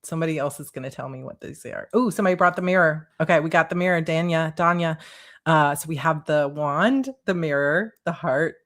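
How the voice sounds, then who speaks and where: Bubbly low-voiced woman chatting on a livestream. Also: a little fast. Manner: bubbly, giggly, reads chat aloud. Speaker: author hosting a livestream. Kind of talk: casual livestream chat.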